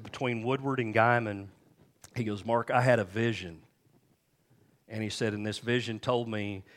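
A man's voice: fairly low pitch, a bit bright. A man preaching a sermon to his congregation, telling stories in a folksy, conversational way. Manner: folksy storytelling, addresses congregation directly. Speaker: pastor. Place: church.

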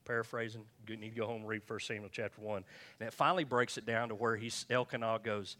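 A man's voice: mid-range voice, quick pace, sharp tone. A man preaching a conversational sermon, repeating himself and checking in with his listeners. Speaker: pastor.

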